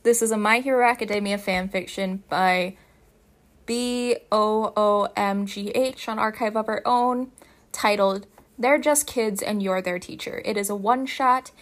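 A woman's voice: mid-range voice, fairly even intonation, a little slow. A woman casually reading a fan story aloud, chatty, emphatic and swearing freely. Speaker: fanfiction reader.

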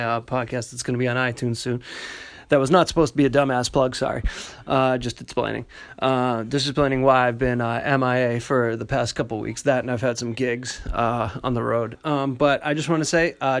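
A comedian leaves a hurried, friendly shout-out to another podcaster. He swears freely and rushes through it. His voice sits at an average pitch for a man. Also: dry recording. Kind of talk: fast casual shout-out.

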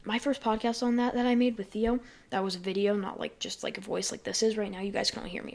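A woman's voice: mid-range voice, steady tone, brisk, creaky, darkish tone. Rambling woman hosting a casual podcast. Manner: rambling, full of fillers and self-corrections. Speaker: podcast host. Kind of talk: casual solo podcast chat. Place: bedroom. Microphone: desk mic.

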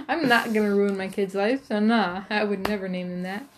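A woman's voice: medium pitch, lively intonation, normal speed, noisy background. A woman co-hosting a podcast in casual chat, blunt and laughing, swearing often. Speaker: podcast co-host.

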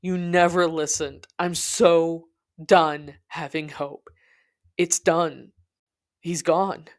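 A woman's voice: sits low, level tone, extremely slow. A narrator voicing a bitter, accusing young woman who speaks in a cold, blaming way.

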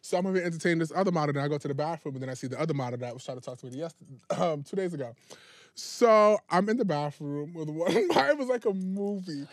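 High-voiced man, dry close sound. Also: expressive, quick pace, dry recording. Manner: teasing, dramatic storyteller. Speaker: podcast co-host. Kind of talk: casual gossip chat.

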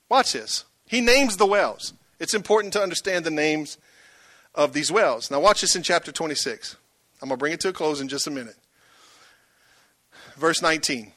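A male pastor preaching a sermon, dramatic, swinging from loud bursts to hushed tones and asking the crowd rhetorical questions. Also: sits high, dry recording.

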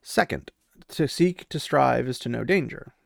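A man voicing a stern older woman mentor, speaking in a solemn, measured way. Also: medium pitch, gravelly, no room sound, studio quality.

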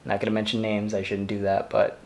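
Reviewing a TV show solo on his podcast, a man rambles and gushes with real feeling. He talks fast in a low, somewhat mellow, monotone voice.

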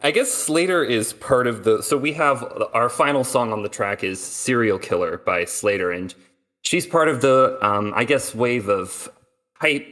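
A man co-hosting a podcast, introducing songs in a relaxed, hesitant way with many ums. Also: mid-range voice. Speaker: podcast co-host. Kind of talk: casual music chat.

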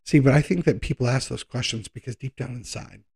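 Gravelly, husky male preacher. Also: mid-range voice, darkish tone. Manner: conversational preaching, slows for emphasis, quick asides. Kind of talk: sermon.

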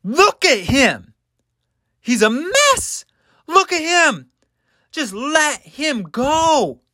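A man voicing an exasperated Roman governor who pleads with a crowd in a strained, high voice. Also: very animated, very slow, bright, forceful tone, dry recording, studio quality, full character voice. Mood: exasperated pleading.

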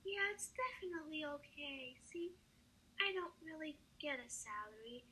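A woman voicing a dreamy, overemotional street harmonica player in a comedy sketch, talking softly and rambling, then breaking into tearful wails. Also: high voice, animated, moderate pace, a little hiss or hum, low-quality recording. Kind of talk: comedy sketch role-play.

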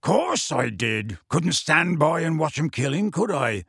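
A man reading a story aloud, voicing a huge, gruff, worried gamekeeper who talks in clipped, colloquial bursts. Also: fairly high pitch, big pitch swings, measured pace, fairly bright tone, dry recording, clean studio sound, full character voice.

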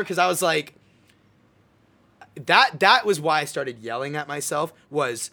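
A young man hosting a casual chat, telling a story in an animated way and acting out his own words. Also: on the high side, unhurried, long pauses. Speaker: podcast host.

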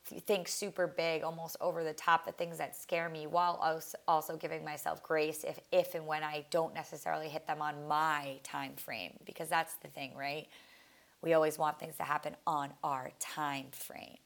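A young woman talks through a solo podcast episode, her fairly low voice grainy with vocal fry. She speaks casually and from the heart, drifting between thoughts, restarting sentences and leaning on fillers. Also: fairly bright tone. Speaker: podcast host. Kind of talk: reflective solo podcast monologue.

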